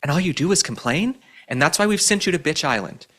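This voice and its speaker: A man's voice: fairly high pitch, lively intonation, quick pace, fairly bright tone. A man hosting a show, ranting in sarcastic, mocking political commentary. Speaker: host.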